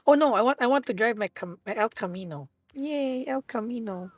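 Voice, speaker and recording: A young woman streaming a driving game, excitable and stammering, often squealing and laughing as she drives. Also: fairly high pitch, moderate pace, dry recording. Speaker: automotive VTuber streamer. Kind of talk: live gaming stream commentary. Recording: car engine noise behind.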